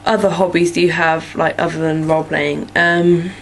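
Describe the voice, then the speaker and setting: A young woman from Norfolk, England, speaks with an English accent in a low voice, flat and at normal speed, on a rough recording with slight hiss or hum. A vlogger in casual chat, she rambles through follower questions, filling gaps with lots of "like" and "um."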